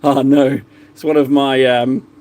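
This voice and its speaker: A man's voice: medium pitch, little pitch movement, measured pace, darkish tone. A young man chatting casually while painting miniatures, rambling and laughing at himself, in a small cupboard room.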